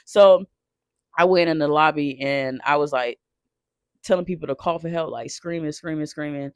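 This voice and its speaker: A man telling a painful personal story off the cuff, emotional and halting, swearing and restarting often. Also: on the high side, clear, resonant tone, no room sound, clean studio sound. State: shaken while recounting.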